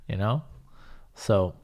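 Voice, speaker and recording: A man's voice: on the low side, darkish tone. A man co-hosting a podcast in casual chat, blunt and emphatic, swearing freely. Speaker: podcast co-host.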